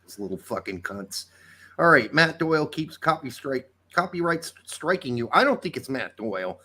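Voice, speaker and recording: A man's voice: medium pitch, big pitch swings, moderate pace, bright, forceful tone, slightly rough. A man co-hosting a casual soccer podcast, blunt and sardonic, swearing freely. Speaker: podcast co-host. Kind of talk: casual chat.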